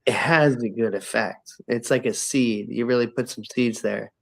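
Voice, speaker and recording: Relaxed, supportive man chatting casually. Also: medium pitch, moderate pace, gravelly. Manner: relaxed, supportive, hesitant with fillers. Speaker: guest. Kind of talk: casual chat.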